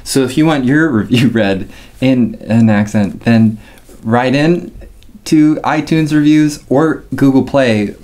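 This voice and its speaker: A man's voice: medium pitch, slow pace, a little mellow. Playful male podcast co-host. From raised Mormon. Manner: playful, joking, earnest at times. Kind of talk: casual podcast chat.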